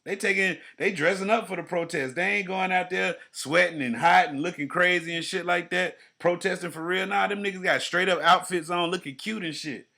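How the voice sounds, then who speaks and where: Man co-host, AAVE, bright tone, loose profane banter. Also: sits high, brisk, gravelly, hardly any pauses. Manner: profane, animated, jokey storytelling. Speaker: podcast co-host. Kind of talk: casual chat.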